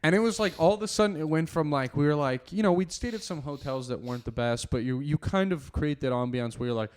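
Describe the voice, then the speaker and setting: A man's voice: fairly high pitch, fast talker, darkish tone, clean tone. A man hosting his podcast, telling a road story in casual chat, laughing and acting out the dialogue. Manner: loose, laughing storyteller who acts out dialogue. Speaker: podcast host.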